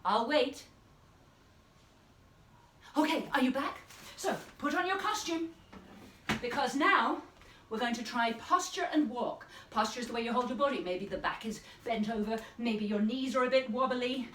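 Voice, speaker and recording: A woman teaching a playful children's drama lesson in an animated, encouraging manner. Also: a little high, unhurried, pauses often. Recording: roomy, distant mic, faint noise.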